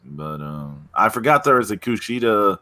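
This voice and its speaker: A man hosting a casual wrestling podcast, hesitant and full of fillers, trailing off quietly. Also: on the low side, expressive, moderate pace. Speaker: podcast host.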